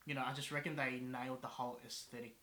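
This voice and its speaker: A man's voice: medium pitch, little pitch movement, fast talker, pushed and bright, slight background noise. A man guest on a casual movie review chat, speaking hesitantly with many ums and restarted sentences. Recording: echoey room.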